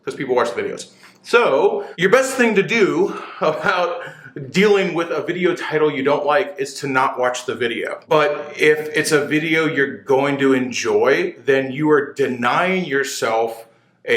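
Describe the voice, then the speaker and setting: A man's voice: mid-range voice, measured pace. A man hosting a motorcycle channel, ranting casually and with plenty of opinion to the camera. He swears, restarts his sentences and sounds sweaty. He has no microphone, so the room echoes. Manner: animated, opinionated, profane, stumbling restarts. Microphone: camera mic, no dedicated microphone.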